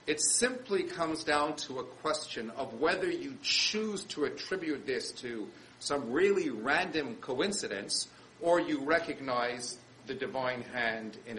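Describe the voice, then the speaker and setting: A man, a rabbi, telling a story in an animated sermon style and acting out the quotes. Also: mid-range voice, a little hiss or hum, poor audio.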